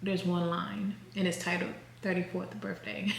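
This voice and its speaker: A woman's voice: fairly low pitch, level tone, unhurried, gravelly, reverberant. A woman, chatting casually to camera as a vlogger, rambling and correcting herself as she goes. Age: 30s.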